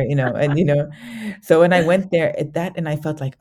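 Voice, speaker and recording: A woman guest in an interview, reflecting candidly on a personal journey, halting often with restarts and fillers. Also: low voice, fairly even intonation, warm tone.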